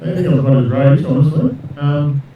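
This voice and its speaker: A man's voice: fairly high pitch, normal speed, phone-quality sound, slight background noise. A man playing a tabletop game casually, hesitating and checking the rules aloud. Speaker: player. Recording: echoey room from far off.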